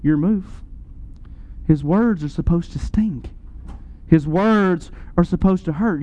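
A man's voice: on the high side, takes it slowly, dark tone, muffled recording. A man preaching a sermon, earnest and rising to emphatic peaks.

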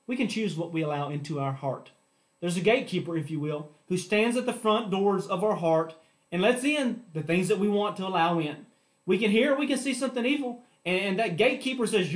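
A male pastor delivers a sermon in a notably high voice. He pushes key phrases up with force, then falls back to softer, pleading lines as he addresses the congregation. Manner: preaching with emphatic rises and hushed drops.

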